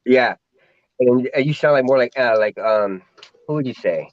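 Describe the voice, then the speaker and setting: A man's voice: medium pitch, moderate pace, no echo. A man in a casual voice chat, asking questions and rambling with many fillers. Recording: dry, dull lo-fi audio.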